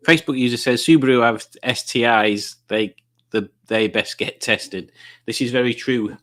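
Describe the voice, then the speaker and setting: Man, live-stream quiz host, mid-pitched voice, rambling jokey chat reading comments into a desk mic. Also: a little slow, fairly bright tone. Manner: jokey, rambling, chuckling at puns.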